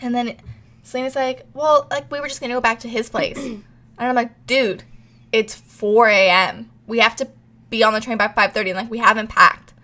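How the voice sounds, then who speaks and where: A woman's voice: on the high side, brisk. A young woman co-hosting a casual podcast, telling a story animatedly, swearing freely and acting out what everyone said. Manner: animated, swears a lot, acts out quotes. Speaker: podcast co-host.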